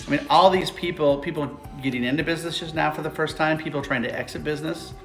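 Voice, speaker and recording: A man's voice: on the high side, fast, creaky. Male podcast co-host, rambly and jokey, in an echoey room with faint music behind. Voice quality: rambling, jokey, many "uh" fillers. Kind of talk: casual chat.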